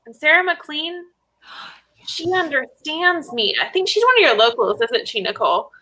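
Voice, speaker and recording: A woman's voice: high-pitched, sing-song, normal speed, bright, forceful tone, poor audio. Gushing woman on a video call. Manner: gushing, playfully dramatic, laughs often. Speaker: indie bookseller guest. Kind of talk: casual chat.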